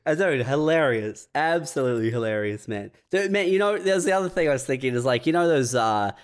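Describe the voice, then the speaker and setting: A man's voice: medium pitch, lively intonation, fairly quick, clean tone. A laid-back man who is a comedian co-hosting a podcast, rambling through bits in casual chat.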